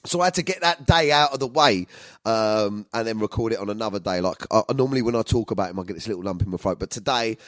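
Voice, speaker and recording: A man hosting his own podcast, talking in a crude, loud, jokey way that keeps breaking into laughter and shouts. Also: on the low side, quick pace, no echo. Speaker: podcast host. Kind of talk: comedic solo podcast chat.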